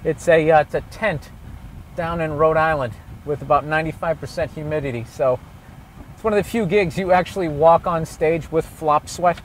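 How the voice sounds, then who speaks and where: A man comedian ranting from a car, high voice. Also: moderate pace, a little hiss or hum. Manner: profane, sarcastic, ranting. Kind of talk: casual rant while driving. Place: car in city traffic.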